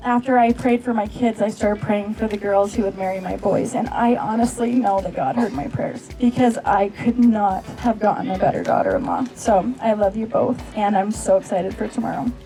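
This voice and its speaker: A woman's voice: medium pitch, normal speed, hardly any pauses, poor audio. A middle-aged woman, the groom's mother, giving an emotional personal tribute, tearful and laughing through her words. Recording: faint background music.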